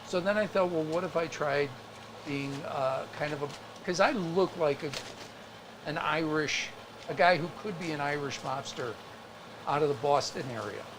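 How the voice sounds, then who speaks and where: Male co-host, faint Chicago accent, animated storyteller, slightly high voice. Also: normal speed, background noise. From Chicago area. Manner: chatty, animated storyteller with restarts. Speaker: co-host of a craft livestream. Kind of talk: casual storytelling chat.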